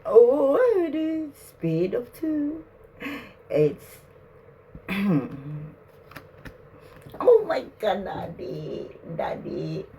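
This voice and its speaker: A woman addressing spirits aloud on camera, emotional and halting, laughing and close to tears as she speaks. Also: fairly high pitch, very animated, dark tone, slight background noise. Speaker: spiritual channeler.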